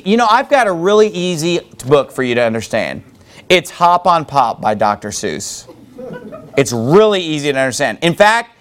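High-voiced sarcastic preaching man. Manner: sarcastic, mocking preaching with quick asides. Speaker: pastor. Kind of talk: sermon. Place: church building with congregation.

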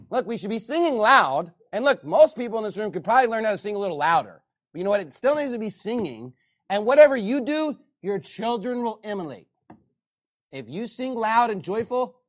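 A man preaching a sermon as pastor, animated, often reading scripture aloud to the congregation. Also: sits high.

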